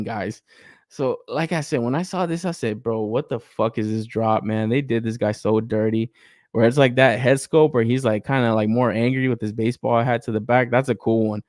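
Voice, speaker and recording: Swearing, animated male toy podcaster. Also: moderate pace, dry recording, clean studio sound. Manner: animated, swears a lot, laughs often, rants with rising pitch. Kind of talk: casual review chat.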